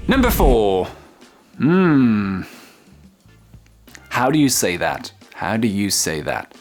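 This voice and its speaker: A man teaching English pronunciation to French speakers, whose first language is French, repeating each word slowly and with emphasis. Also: lowish voice, sing-song, faint music behind. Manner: slow, exaggerated word-by-word modeling.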